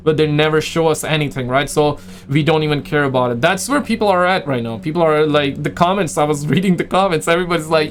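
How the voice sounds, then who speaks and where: A man's voice: on the high side, racing, a little hiss or hum. A man hosting a casual reaction commentary, slangy and exasperated, calling everyone bro and man. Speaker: reaction host.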